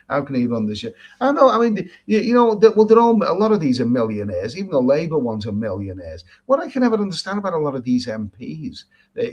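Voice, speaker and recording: On a Thai island, an English host of a relaxed travel stream reads viewer comments out loud and chats back repetitively, restarting often and pressing his opinions hard. His medium-pitched voice is husky with a darkish tone, and the sound is lo-fi.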